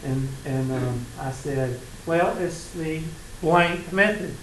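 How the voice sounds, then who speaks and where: A man's voice: fairly high pitch, slow pace, a little hiss or hum. A man with a Southern accent teaching a college math class, telling stories and joking with his students. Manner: folksy, joking, teasing the class. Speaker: math instructor. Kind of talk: classroom lecture with storytelling. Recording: echoey classroom with faint ambience.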